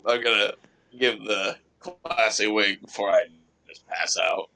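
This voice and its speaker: A man speaking as a player at a tabletop game, blunt and a bit crude. He talks slowly, with a bright, forceful tone. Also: on the low side, gravelly.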